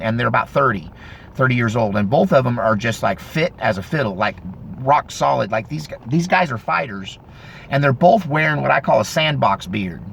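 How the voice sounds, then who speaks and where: A man in his fifties telling a story casually, in a rambling, animated way with frequent self-corrections. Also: mid-range voice, gravelly, slight background noise. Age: 50s. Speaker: vlogger.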